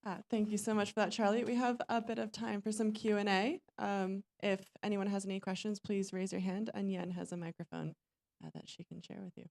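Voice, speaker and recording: A woman's voice: medium pitch, little pitch movement, a little fast, creaky, darkish tone. A woman hosting an event who thanks the speaker and opens a Q and A, sounding a little hesitant. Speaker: event host.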